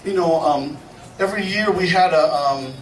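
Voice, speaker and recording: A man's voice: fairly high pitch, normal speed, a crowd in the background. A middle-aged man telling folksy, laughing stories at a memorial service, acting out what others said. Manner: folksy, laughing, quotes people in lively voices. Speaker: memorial speaker. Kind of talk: informal storytelling eulogy. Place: memorial gathering hall. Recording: echoey room, far from the mic, noisy.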